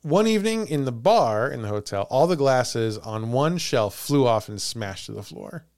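A man's voice: mid-range voice, expressive, moderate pace, a little mellow, no echo, studio quality. A man hosting a podcast, telling a ghost story in casual chat and laughing often. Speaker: podcast host.

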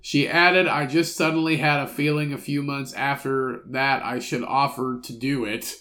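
A man's voice: medium pitch, steady tone, bright, forceful tone. A man co-hosting a podcast, reading out a news story and ranting with heavy profanity in casual chat. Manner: profane, ranting, quick bursts. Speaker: podcast co-host.

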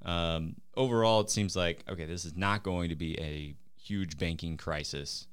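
A man co-hosting a casual show, explaining things in a relaxed way. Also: low-pitched, normal speed, smooth, dry recording. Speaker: co-host, mortgage advisor. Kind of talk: casual chat.

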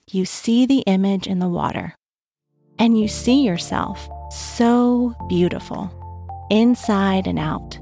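A woman gently telling a guided story to young children and asking them questions as she goes. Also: mid-range voice, animated, slow pace, creaky, soft background music. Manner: gentle, asks the listener questions.

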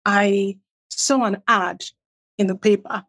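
A middle-aged Nigerian writer tells her own story in a mid-range, steady, fairly bright voice, speaking slowly. In this animated storytelling, she acts out what others said in a raised, livelier voice.

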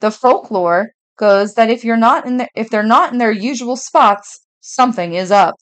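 Female co-host, reads facts aloud in mock newscaster style, slightly high voice. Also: normal speed. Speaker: podcast co-host. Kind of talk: casual chat, reading facts aloud.

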